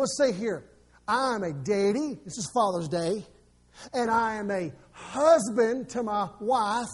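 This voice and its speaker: A male pastor preaching a sermon, with sudden loud swells and quick asides. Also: extremely high pitch, slightly rough.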